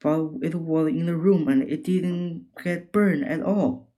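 A man's voice: fairly high pitch, takes it slowly, dark tone, voice pushed up. A man doing frightened, timid temple priests.

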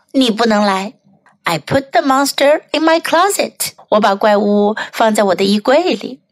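Slow, careful bilingual storybook reader, a woman. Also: high voice. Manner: slow, careful reading, each line followed by a translation. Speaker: English teacher reading a picture book.

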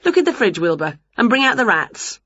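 A woman voicing an excitable, chatty, boastful witch in a storybook reading, on a dull lo-fi recording. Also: fairly high pitch, brisk, husky, no room sound, voice pushed up, exaggerated voice.

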